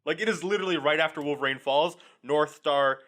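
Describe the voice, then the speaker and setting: Man, podcast co-host, casual chat, fairly high pitch, bright voice, laughs a lot. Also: brisk. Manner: laughs often, swears freely, acts out quoted lines.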